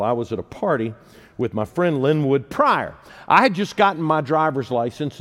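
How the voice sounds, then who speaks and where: A man in his sixties preaches from the pulpit and tells his stories with self-deprecating humor. His voice sits at an ordinary middle pitch. It rings out with the long reverb of a large church sanctuary. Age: 60s. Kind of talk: sermon with personal storytelling.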